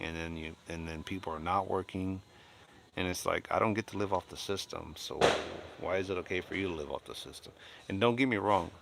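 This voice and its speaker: A middle-aged man talks from home on a live stream, reading his chat aloud and answering it bluntly. His voice sits very low and has a gravelly, fry-heavy edge. He rambles and restarts as he airs his opinions. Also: a bit bright, a little hiss or hum.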